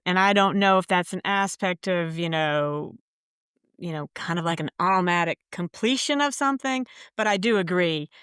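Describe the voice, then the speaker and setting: Woman podcast host, smooth clear voice, effusive and encouraging, dry close sound. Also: on the low side, fairly bright tone, no echo. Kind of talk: conversational interview.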